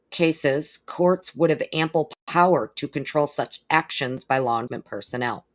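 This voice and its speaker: A woman hosting a live stream, reading court documents aloud and breaking off now and then for wry casual remarks. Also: extremely low pitch. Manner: reads legal text steadily, breaking off for wry remarks.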